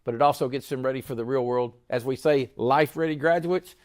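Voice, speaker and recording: A man's voice: mid-range voice, fairly quick. A man, a school superintendent hosting a casual chat, rambling and repeating words. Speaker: school superintendent, show host.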